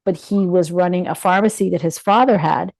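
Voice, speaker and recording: Middle-aged woman, dark mellow voice, dry close sound, lively storyteller who does the voices. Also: fairly low pitch, brisk, creaky, no room sound, rough recording. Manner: animated, acts out quoted voices with laughter. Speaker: guest physician. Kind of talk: casual storytelling interview.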